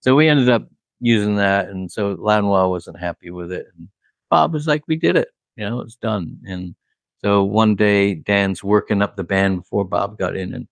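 Gravelly-voiced male producer telling stories. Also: lowish voice, normal speed, dry recording. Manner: rambling, full of "like" and "you know", laughs at his own stories. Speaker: record producer, guest. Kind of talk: casual storytelling.

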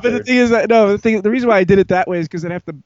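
A fairly high-voiced man hosts a casual gaming podcast over a call. He teases his co-hosts and laughs often. The sound is dry and slightly dull. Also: darkish tone, dry recording. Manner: joking, quick to laugh, teasing. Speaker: podcast host.

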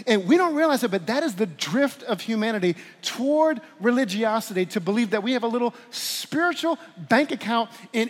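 Animated preaching man in a reverberant hall. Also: sits high. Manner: animated, conversational preaching with playful asides. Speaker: pastor. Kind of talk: sermon. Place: large church hall.

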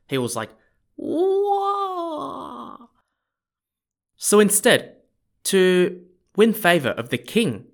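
A man narrating a history tale in a relaxed, conversational podcast style. He speaks at an ordinary middle pitch and often turns aside to talk straight to his listeners. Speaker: podcast storyteller. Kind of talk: casual history storytelling.

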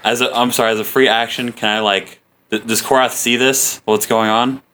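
A man's voice: medium pitch, little pitch movement, normal speed, bright, forceful tone, clear, resonant tone. A man playing a tabletop game who checks the rules carefully and asks many questions. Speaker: player.

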